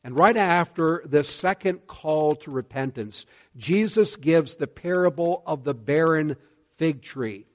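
A man preaching a sermon, earnest and measured, slowing down to stress key words. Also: on the high side, lively intonation. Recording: long hall reverb.

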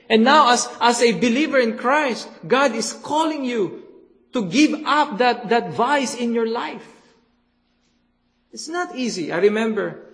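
Male preacher, slow and deliberate, repeats words for emphasis; sermon in a church hall. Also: high voice, vocal fry, fairly bright tone. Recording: long hall reverb.

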